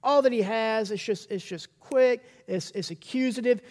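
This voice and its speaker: A man's voice: sits high, steady tone, normal speed, few pauses, a little mellow. A middle-aged man preaching a sermon as pastor, emphatic, with stammered restarts and quoted voices acted out.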